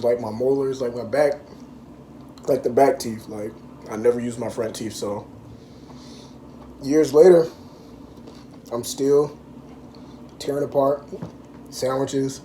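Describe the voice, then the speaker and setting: A man's voice: mid-range voice, a little slow, long pauses, warm tone, a little hiss or hum. A young man vlogging to camera, telling a story in loose, rambling casual chat full of fillers.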